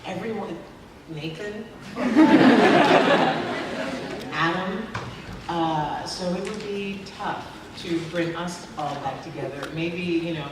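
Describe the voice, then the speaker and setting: A woman's voice: lowish voice, takes it slowly, pauses often, over a noisy crowd. A woman as an actress answering questions at a convention panel, chatty and laughing often, with many fillers. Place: large convention hall. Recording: echoey hall from far off, noisy.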